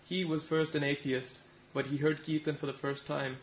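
A man's voice: a little high, little pitch movement, moderate pace, lo-fi sound, a little hiss or hum. A man giving a Sikh sermon, retelling a story and speaking its characters' lines in his own plain voice. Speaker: Sikh preacher.

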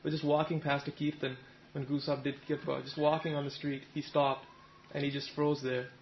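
A male preacher giving a sermon, his voice gravelly with a fair amount of fry. He tells a story in an even, level delivery and reads the characters' words without acting them out. The recording sounds dull and lo-fi, with faint noise in the background. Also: on the high side, brisk. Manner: retells a story, voicing the people in it plainly. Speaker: Sikh preacher.

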